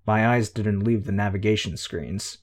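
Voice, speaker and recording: A man reading a novel aloud in an even, measured first-person narration. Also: lowish voice. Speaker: audiobook narrator.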